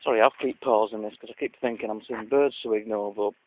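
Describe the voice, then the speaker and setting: A man's voice: fairly low pitch, steady tone, quick pace. A man rambling through an outdoor video diary in a dry, self-mocking way. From Lancashire, England. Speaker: vlogger. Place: outdoors at a country park. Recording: tinny, lo-fi with faint hiss.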